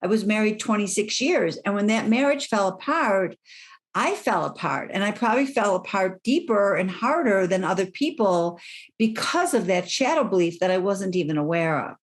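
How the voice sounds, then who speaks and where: A woman's voice: medium pitch, lively intonation, moderate pace. Middle-aged woman, life coach, candid reflective interview talk.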